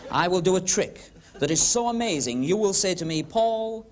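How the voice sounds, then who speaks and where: A man doing comic magic patter on a club stage, teasing audience volunteers with quick cheeky asides. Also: sits high, animated. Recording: 1970s TV broadcast with crowd laughter and hiss. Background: audience laughing and murmuring.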